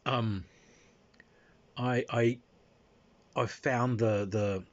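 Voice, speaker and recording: A man's voice: mid-range voice, fairly even intonation, drawn-out words. A man telling a casual spoken anecdote, rambling along with fillers and restarts. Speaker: storyteller. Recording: dull lo-fi recording.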